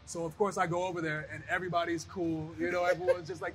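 Man, high bright voice, animated interview guest who slips into voices mid-story. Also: quick pace, hardly any pauses. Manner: animated, acts out voices in his stories. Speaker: guest, pro wrestler.

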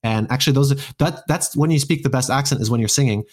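A man from the United States with a mid-range voice talks at a quick pace as a guest in casual conversation. His delivery rambles, full of restarts and fillers.

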